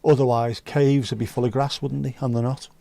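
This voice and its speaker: A man's voice: medium pitch, flat delivery, brisk, vocal fry, mellow, dry recording. A man hosting a livestream, chatting casually and reading out viewer comments with rambling, dry joking asides. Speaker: livestream host.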